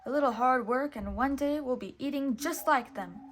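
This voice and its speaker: A woman's voice: high-pitched, normal speed, a little hiss or hum, voice pushed up, lightly acted. A woman voicing an eager, cheerful young peasant boy mouse in a storybook. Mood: excited. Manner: eager, shouting.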